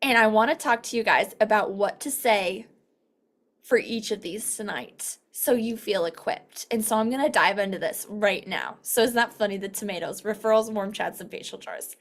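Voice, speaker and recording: A woman's voice: medium pitch, moderate pace. A woman leading a casual online sales training over a video call, upbeat and chatty, acting out quoted dialogue as she explains.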